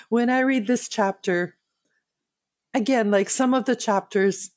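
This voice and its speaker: A woman's voice: a little high, darkish tone, no echo. A woman reading a Bible chapter aloud and explaining it verse by verse in an earnest, devotional way. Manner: slow, earnest, personal devotional tone. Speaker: Bible teacher.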